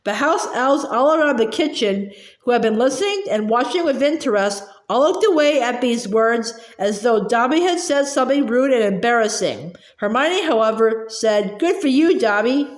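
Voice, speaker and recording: High-voiced woman reading a story aloud. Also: moderate pace, roomy sound. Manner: steady storytelling, small slips and restarts. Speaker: audiobook reader. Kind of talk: audiobook narration.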